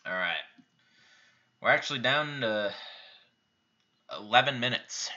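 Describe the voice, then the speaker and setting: Bright-voiced young man, offhand and blunt. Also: mid-range voice, expressive, a little slow, dull audio. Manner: offhand, reads out questions and answers bluntly. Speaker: YouTube channel host answering viewer questions. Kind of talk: casual live-stream Q&A.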